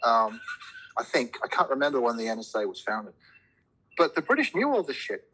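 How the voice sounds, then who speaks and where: A very animated man, an immigrant to a Commonwealth country, argues his strong opinions briskly in loose podcast chat, rambling with constant restarts and swearing freely once worked up. His medium-pitched voice sounds bright and forward with a husky edge, on a low-quality recording.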